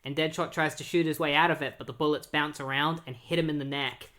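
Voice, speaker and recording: A man's voice: on the high side, steady tone, quick pace, a bit bright. A man retelling a comic book story in a casual, loose way, with many fillers and restarts. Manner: filler-heavy, loose recap.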